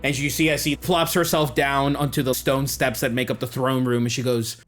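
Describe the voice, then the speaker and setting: A man's voice: medium pitch, little pitch movement, moderate pace, hardly any pauses, a bit bright. A man narrating a tabletop role-playing game as game master, with vivid description.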